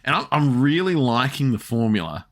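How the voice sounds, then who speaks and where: A man's voice: mid-range voice, big pitch swings, normal speed. A man hosting a casual podcast chat, rambling with many restarts and frequent laughs. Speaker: podcast host.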